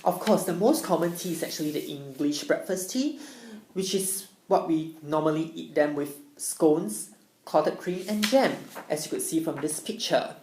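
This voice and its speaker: A woman's voice: low voice, lively intonation, normal speed, a little mellow, slight background noise. A young woman, an international student, giving an upbeat explanatory presentation. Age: young adult. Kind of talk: presentation talk. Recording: echoey room.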